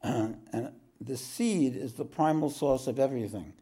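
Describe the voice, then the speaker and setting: A man from the American East Coast giving a relaxed spoken teaching to a group, clearing his throat often and joking now and then. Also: mid-range voice. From East Coast of the United States. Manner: slow, wandering delivery with frequent throat clearing and jokes. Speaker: spiritual teacher.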